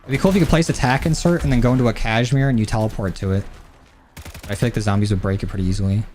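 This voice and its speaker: A man's voice: lowish voice, fairly even intonation, very fast, a little mellow, slight background noise. A man streaming a shooter game, thinking aloud in casual commentary, rambling and swearing freely from his home desk mic. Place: home gaming setup. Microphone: desk mic through a mixer. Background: faint game gunfire.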